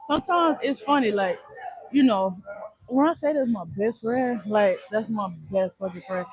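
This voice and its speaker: A man's voice: high-pitched, moderate pace, husky, poor audio. A man hosting a livestream, chatting casually in a rambling way and repeating his phrases. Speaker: livestream host.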